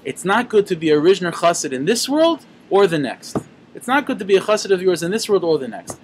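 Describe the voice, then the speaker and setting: A man's voice: high-pitched, big pitch swings, fairly quick, a little hiss or hum. A man acting out a tipsy, bold male jester who pleads earnestly with his rebbe.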